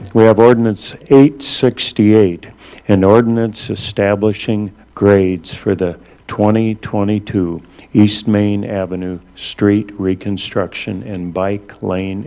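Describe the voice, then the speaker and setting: A man chairing a city council meeting as acting mayor, talking in a halting, relaxed way with many fillers. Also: on the low side, vocal fry.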